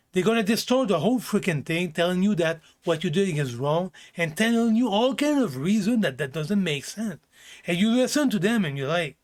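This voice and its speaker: Guy ranting blunt self-help advice, slightly high voice, swears a lot, repeats himself. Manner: blunt, emphatic, swears often, repeats phrases. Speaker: vlogger giving life advice. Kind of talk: casual self-help rant.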